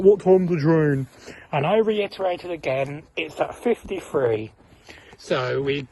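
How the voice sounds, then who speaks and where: A man's voice: on the high side, a little mellow. A young man from England telling a story in a casual vlog, earnest and chatty, acting out the voices of the people he quotes. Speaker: vlogger.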